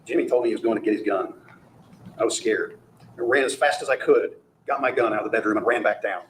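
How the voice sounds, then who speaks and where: A man's voice: on the low side, fast. A man delivering a courtroom closing argument as prosecutor, emphatic and rhetorical, often repeating phrases for effect. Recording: echoey courtroom audio with faint noise.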